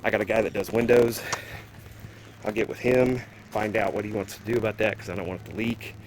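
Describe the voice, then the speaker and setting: Speaking a little fast with fairly even intonation, a man with a lowish voice does a casual walkaround vlog about car audio, rambling to his "guys" about his plans as he walks around a car outdoors. He's out of breath and plain-spoken, and the rough recording carries slight background noise.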